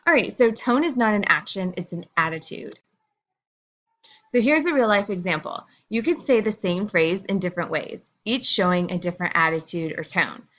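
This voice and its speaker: A woman's voice: medium pitch, lively intonation, normal speed, a bit bright, dull audio. A woman teacher explaining a lesson to her students in a casual, chatty way, with frequent fillers.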